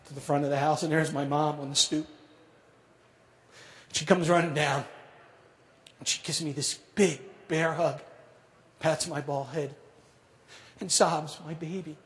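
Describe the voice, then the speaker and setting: A man's voice: fairly high pitch, little pitch movement. Middle-aged man telling a dramatic story. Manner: measured, dramatic pauses, drops to a hush at grave moments. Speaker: speaker telling a survivor story. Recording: echoey hall.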